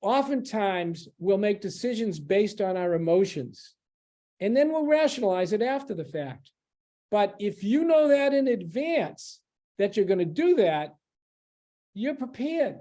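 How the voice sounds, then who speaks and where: A man giving a public lecture at a library as a guest speaker, explaining in a conversational way with pauses and restarts. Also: high-pitched, very animated, dark tone.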